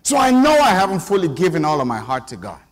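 This middle-aged preacher talks fast, his fairly high voice swinging hugely in pitch, as he gives a conversational sermon that keeps calling for the congregation's response. The church sanctuary adds long reverb.

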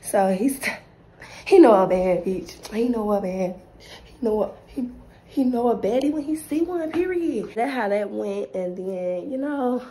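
Young new woman, cussing and chatty, kinda high voice, echoey room, phone mic. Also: darkish tone. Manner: blunt, profane, chatty. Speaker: vlogger and acting student. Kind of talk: casual vlog chat. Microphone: phone camera.

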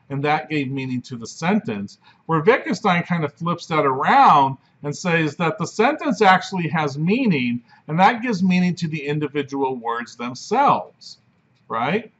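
A philosophy professor lecturing in a conversational way, often checking in with "right?". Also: male voice, on the high side, fairly bright tone, husky. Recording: dull lo-fi recording.

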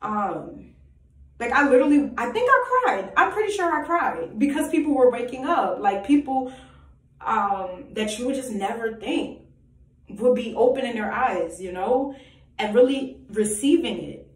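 A woman's voice: on the high side, big pitch swings, unhurried. A woman giving an emphatic, preachy personal monologue full of rhetorical questions and repetition. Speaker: self-styled prophetic vlogger. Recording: echoey room, voice far from mic.

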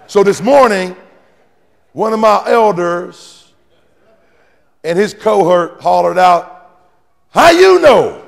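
A male pastor preaching to his congregation with call-and-response and playful teasing, swinging between sudden shouts and quiet asides. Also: sits high, steady tone, takes it slowly, vocal fry, long pauses, in a large hall. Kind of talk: sermon. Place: church sanctuary with congregation.

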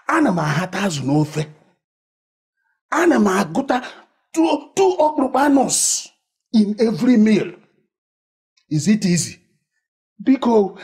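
An actor with a Nigerian accent playing a fussy, excitable village father who scolds and pleads comically. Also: high voice, full character voice. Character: fussy older male village elder, the father. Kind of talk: comedic film acting.

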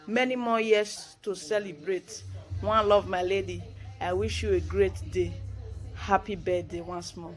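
A man giving slow, tender birthday wishes in a video message. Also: sits high, steady tone, a bit bright, faint music behind. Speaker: well-wisher.

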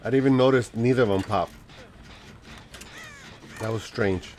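A man's voice: on the low side, normal speed, a little mellow, slight background noise. A man with a stuffy nose from a cold, joking and chatting with viewers while he streams a game. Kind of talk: casual live-stream gaming commentary.

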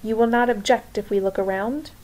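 A woman's voice: medium pitch, moderate pace, dark tone, lightly acted, rough recording. A woman reading as a harsh male soldier. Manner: harsh and demanding.

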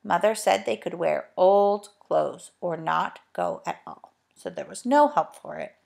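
A woman teacher reading a children's book aloud in an expressive, animated way. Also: fairly low pitch, measured pace, vocal fry.

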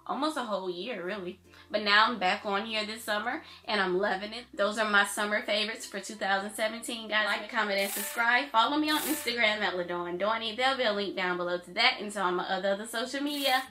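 A woman's voice: medium pitch, bright, forceful tone. A young woman vlogging in casual chat, gushing and chatty, saying "like" a lot. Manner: gushing and chatty, says "like" often.

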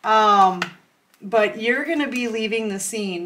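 A woman's voice: a little high, takes it slowly, fairly bright tone, a little hiss or hum. A woman giving a casual tarot reading, chatty and acting out imagined conversations with a laugh. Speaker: tarot reader.

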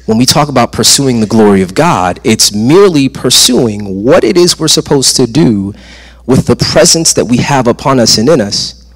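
A male preacher delivers a sermon from the stage with an emphatic, rhythmic style, repeating phrases for effect. His voice is lively in pitch and slightly husky. The sound carries the long reverb of a large church sanctuary.

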